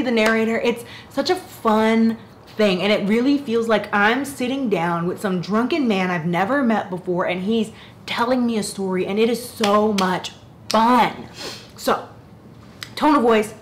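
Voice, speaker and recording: A young woman reviewing books in casual chat, animated and rambling, often interrupting herself. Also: on the high side, a little hiss or hum. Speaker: book reviewer.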